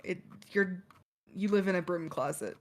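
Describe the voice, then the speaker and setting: A woman playing a tabletop role-play game, chatting in an animated, flustered way and laughing as she talks. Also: on the low side, moderate pace, slight background noise. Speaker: player. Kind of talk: casual tabletop game chat.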